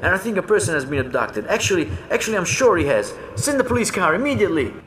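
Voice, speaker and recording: Man doing flustered posh lady manager, high, swooping voice, roomy echo, faint hiss. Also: very animated, fast, a bit bright. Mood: panicked. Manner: fretful and exclaiming. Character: frantic upper-class woman manager.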